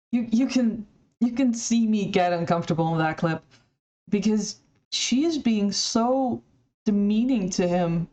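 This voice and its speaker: A woman's voice: mid-range voice, a little slow, long pauses, mellow. A woman commenting critically on recorded clips in a conversational, somewhat hesitant way. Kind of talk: video commentary.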